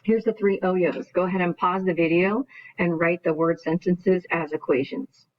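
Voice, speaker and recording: A woman's voice: on the low side, fairly even intonation, moderate pace. A woman math teacher giving a recorded video lesson, explaining each step in order and often checking in with "right?". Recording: dull lo-fi recording.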